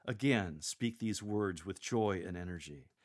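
Low-voiced man coaching scripture reading. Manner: measured, demonstrates readings with slow emphatic proclamation. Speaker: lector coach. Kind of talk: scripted instructional talk on reading scripture aloud.

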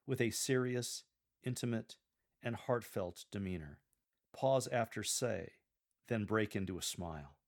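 A man coaching church lectors on reading scripture aloud, in a measured, deliberate voice. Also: on the low side. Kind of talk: instructional podcast narration.

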